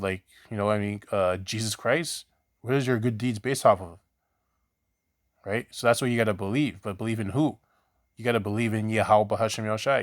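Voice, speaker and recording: A preacher with a lowish male voice gives an informal scripture teaching, recorded studio-quality with no echo. He talks conversationally, often asking "right?", repeating himself and restarting, and he's blunt, sometimes swearing in his examples.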